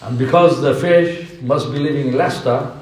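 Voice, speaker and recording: A man preaching a sermon in a mosque, telling an animated story with humorous asides. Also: fairly high pitch, moderate pace, slight background noise. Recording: echoey mosque hall from far off.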